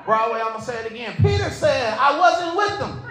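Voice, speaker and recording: High-voiced shouting preacher, echoey church. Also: male voice, very animated, fairly quick, a crowd in the background. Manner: shouting, building into whooped preaching. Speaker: pastor. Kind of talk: call-and-response sermon. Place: church sanctuary. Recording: echoey church with organ music.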